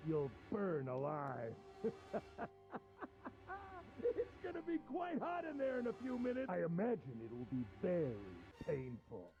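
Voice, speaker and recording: An actor playing a menacing male captor who taunts slowly in a game. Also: high voice, huge pitch swings, muffled recording, music in the background, full character voice. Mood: gloating. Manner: taunting, slow.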